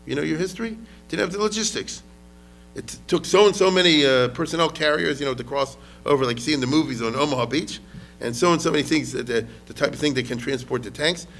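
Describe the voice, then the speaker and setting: A man's voice: a little high, quick pace, a bit bright. Guy giving a history lecture, chatty, keeps asking the room questions, drops in hebrew words, faint music under it. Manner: conversational, asks the audience questions often.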